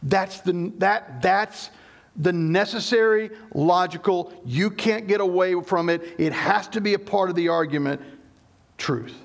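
Sitting high in pitch and keeping a measured pace, this middle-aged Southern pastor delivers a sermon, emphatically unpacking scripture and frequently starting sentences over.

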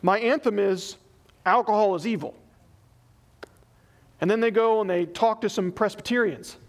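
A man's voice: sits high, brisk, vocal fry. A man preaching a sermon in church as pastor, acting out the people he quotes as he tells the story. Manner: animated, acts out quoted people in his retelling.

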